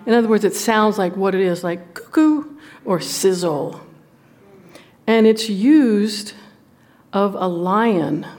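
A woman with a Southern US drawl leads a Bible study at an unhurried pace. She is folksy and playful, and she draws out scripture slowly for her group. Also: medium pitch, lively intonation, darkish tone. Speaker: women's Bible study teacher. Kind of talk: Bible teaching to a live group.

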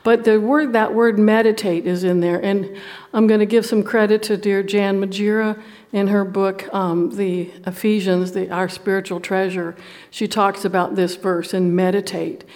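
A woman with a Southern US accent teaching a women's Bible study, folksy and playful, reading scripture slowly. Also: mid-range voice, flat delivery, a little mellow. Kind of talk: Bible teaching to a live group.

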